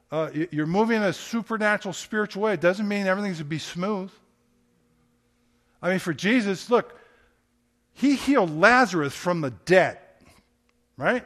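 A man's voice: high voice, fairly bright tone. A man, a pastor, preaching a sermon in a conversational storytelling way, asking rhetorical questions.

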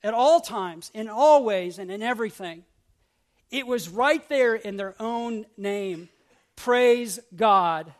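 A man preaching a sermon as pastor, swinging from urgent repeated questions to hushed prayerful lines and acting out grumbling voices. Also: high-pitched, expressive, slow pace. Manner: acts out grumbling voices with asides.

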